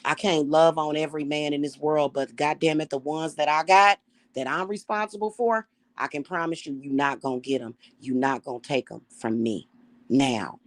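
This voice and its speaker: A middle-aged woman, a self-styled high priestess, ranting to her viewers in a casual, emphatic and profane way. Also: steady tone, moderate pace, no room sound. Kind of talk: casual spiritual rant to camera.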